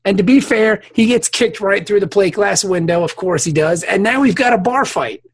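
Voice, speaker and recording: A man's voice: sits high, normal speed, husky, no echo. A man co-hosting a podcast, recapping a TV episode in rambling, profane casual chat with frequent laughs. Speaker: podcast co-host.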